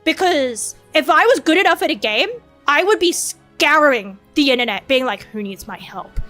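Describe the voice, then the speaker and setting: Woman VTuber streamer, high voice, rambling and swearing with self-mockery, faint music underneath. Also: animated, moderate pace, bright, forceful tone. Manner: rambling, profane, self-mocking. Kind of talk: casual stream chat.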